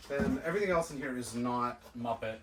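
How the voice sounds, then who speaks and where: A man's voice: medium pitch, background noise. A man sorting through boxes of toys and chatting casually to himself as he unpacks. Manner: slow, musing, talks to himself while sorting. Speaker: toy collector vlogger. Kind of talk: casual unboxing chat. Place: cluttered toy room indoors. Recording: echoey room, mic at a distance.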